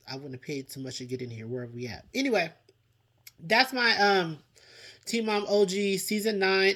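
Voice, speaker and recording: Vlog host, casual commentary, exasperated, dramatic sighs, repeats for emphasis. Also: medium pitch. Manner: addresses people directly and repeats lines for emphasis. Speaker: TV show reviewer, channel host.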